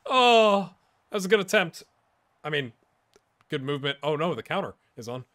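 A man narrating his gameplay to viewers with a bright, fairly high voice. His play-by-play is excitable, jumping from loud outbursts down to muttered asides, and he keeps cracking jokes to his audience. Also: a little fast. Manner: excitable play-by-play, swinging between shouts and mutters; jokey, talks to viewers. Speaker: gaming YouTuber. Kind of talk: let's play commentary.

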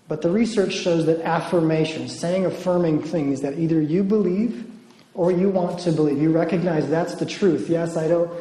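A man's voice: a little high, dark tone. Earnest male preacher in an echoey hall. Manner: earnest, leads the audience in call-and-response affirmations. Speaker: conference speaker. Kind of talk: sermon. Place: conference hall. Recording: echoey hall with long reverb.

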